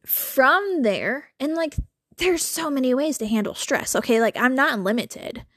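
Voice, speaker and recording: Woman host, casual solo talk, animated and chatty, a bit high-pitched, dry close mic. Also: unhurried, no room sound. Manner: animated, chatty, frequent filler words and laughs. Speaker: podcast host. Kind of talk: casual monologue.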